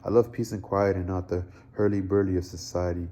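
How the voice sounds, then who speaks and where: A man's voice: deep voice, fairly even intonation, a little fast, mellow, lightly acted. A man reading the part of a timid, middle-aged male clerk who halts and repeats himself. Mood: earnest.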